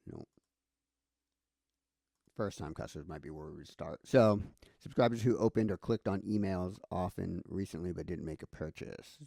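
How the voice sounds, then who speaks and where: A man's voice: low voice, normal speed, gravelly, mellow, dry recording, clean studio sound. A man giving a casual screen-share tutorial, thinking aloud with many fillers and restarts. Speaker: instructor.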